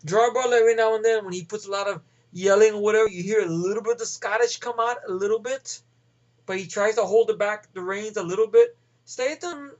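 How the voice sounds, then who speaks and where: Male movie ranter: high voice, rambling and profane, slightly muffled audio. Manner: rambling, profane, many fillers. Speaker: movie reviewer. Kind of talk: casual movie rant.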